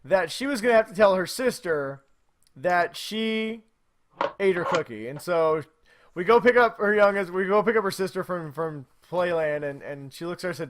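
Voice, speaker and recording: A man in his thirties co-hosting a casual podcast, telling animated stories and laughing often. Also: high voice, normal speed. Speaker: podcast co-host. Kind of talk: casual chat.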